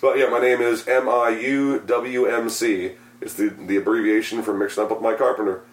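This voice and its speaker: A man hosting a casual podcast, rambling and swearing freely, his voice going hoarse. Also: on the low side, flat delivery, moderate pace, reverberant. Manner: profane, rambling, self-mocking. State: losing his voice. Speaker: podcast host.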